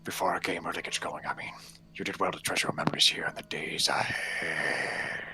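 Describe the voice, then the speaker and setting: A man voicing a sinister disembodied voice in a slow, menacing whispered role-play. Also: deep voice, fairly even intonation, bright, forceful tone, full character voice.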